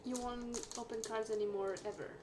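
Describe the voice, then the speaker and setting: A woman's voice: on the high side, steady tone, fairly quick, darkish tone, slight background noise. A woman with a French accent reading player names from trading cards in a dry, teasing casual chat.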